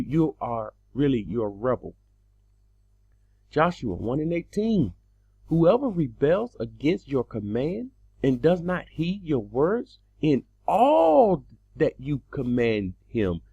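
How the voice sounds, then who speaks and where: Man giving an impassioned scripture sermon; dark, dry sound. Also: a little high, vocal fry, husky, no room sound, highs cut off. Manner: impassioned, rising to loud emphatic bursts. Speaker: preacher.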